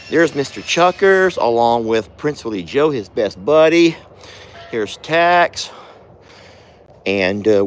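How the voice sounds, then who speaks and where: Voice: mid-range voice, a little hiss or hum. A vlogger chatting casually while doing ranch chores and cooing fondly at the animals. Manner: chatty, coos affectionately at animals. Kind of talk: casual vlog chat. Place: outdoors on a ranch.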